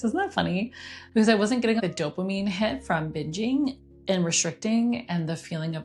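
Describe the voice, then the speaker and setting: A woman's voice: fairly low pitch, lively intonation, fairly quick, a little mellow, soft background music. A woman talking through a weekly astrology forecast in a chatty, conversational way, acting out inner voices as she goes.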